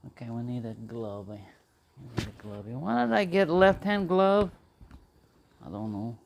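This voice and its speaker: Male vlogger, gravelly mid-range voice, loose self-talk with goofy asides. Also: mid-range voice, very animated, measured pace. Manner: rambling, talks to himself and answers in silly voices. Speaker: outdoor cooking vlogger. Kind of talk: casual talk to camera while cooking.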